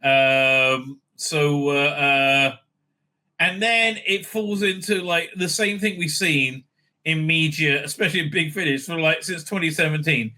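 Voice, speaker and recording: A man giving a casual, off-the-cuff TV review, rambling and halting, often tagging his points with a questioning "right?". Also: on the high side, sharp tone.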